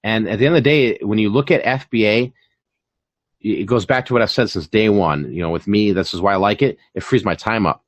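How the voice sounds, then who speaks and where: A man's voice: on the low side, fairly quick, dry recording, lo-fi sound. A man hosting a casual chat about online reselling, talking in a chatty way with many fillers and repeated words. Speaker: channel host and online reseller. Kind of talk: casual chat on a live stream.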